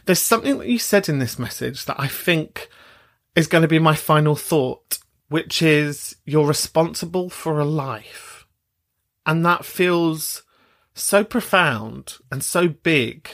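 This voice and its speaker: A man hosting a podcast, talking in an earnest, affirming way as he wraps up the show. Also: a little high. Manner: earnest, affirming, gently emphatic. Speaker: podcast host. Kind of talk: podcast outro chat.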